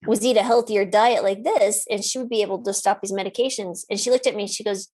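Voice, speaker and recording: Speaking fast at medium pitch and rarely pausing, a middle-aged female doctor shares a story as a guest in an interview. She's lively and casual, laughs frequently, and performs the voices of the people involved.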